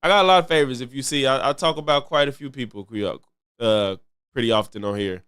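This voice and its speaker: A man's voice: mid-range voice, fast, fairly bright tone, clear, resonant tone. A man commenting casually on a live stream, loose and chatty, repeating himself and thanking viewers. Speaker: streamer reacting to clips.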